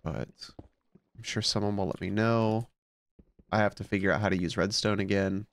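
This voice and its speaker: A man's voice: on the low side, fairly even intonation, moderate pace. A man commenting casually on his game as a let's play host, sleepy and just woken up, musing aloud with plenty of fillers.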